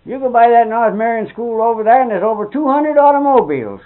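A man's voice: very high-pitched, animated, fast talker. An older man telling folksy, rambling anecdotes in a colloquial way, with mild oaths here and there. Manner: folksy, colloquial, swears mildly. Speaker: interviewee. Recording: tinny narrow-band old tape.

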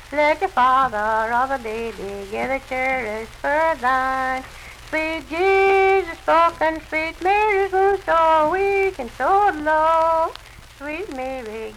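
High, slow woman singing an old ballad. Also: fairly bright tone, rough recording. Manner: plain, drawn-out sung verses with repeated refrains. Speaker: folk singer. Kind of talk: unaccompanied traditional ballad singing.

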